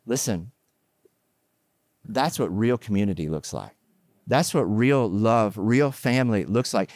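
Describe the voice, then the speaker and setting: Joking, chatty pastor, dry sound. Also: male voice, fairly low pitch, measured pace, dry recording. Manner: joking, animated asides, chatty fillers. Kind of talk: conversational sermon with humor.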